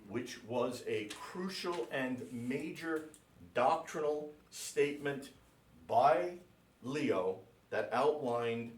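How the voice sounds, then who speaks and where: A priest giving a classroom lecture, speaking slowly and deliberately and spelling out names letter by letter for his class. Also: medium pitch, a little hiss or hum. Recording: echoey room, mic at a distance.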